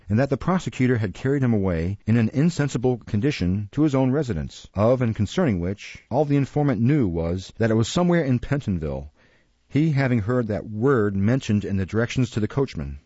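A man reading a classic novel aloud in a measured, expressive storybook narration, recorded close and dry in a dull lo-fi recording. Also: mid-range voice, no room sound. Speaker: audiobook narrator.

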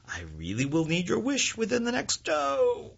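A man's voice: extremely high pitch, huge pitch swings, moderate pace, vocal fry, a bit bright, husky, muffled recording, heavily acted. A man voicing a smug, bureaucratic male genie who feigns sympathy and speaks with mock-apologetic swoops.

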